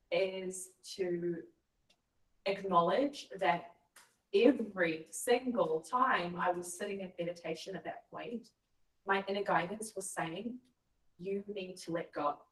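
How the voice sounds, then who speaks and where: A woman's voice: medium pitch, a bit bright, recorded from a distance. A woman telling a personal story in a casual chat, earnest and reflective. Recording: echoey room, voice a bit off-mic.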